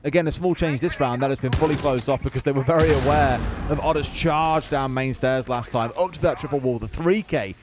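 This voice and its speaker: A British man casting an esports match with quick, lively play-by-play and joking banter. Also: mid-range voice, background noise. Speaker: esports caster. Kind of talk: play-by-play commentary.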